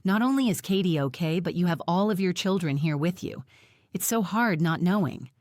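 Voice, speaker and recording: A woman voicing a gentle, chatty older grandmother in a wheelchair, read in an audiobook. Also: fairly low pitch, lively intonation, normal speed, no echo, studio quality, lightly acted. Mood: sad.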